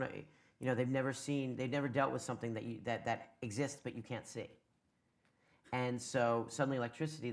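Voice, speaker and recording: A man, a television writer on a conference panel, answering questions candidly with anecdotes and casual swearing. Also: medium pitch.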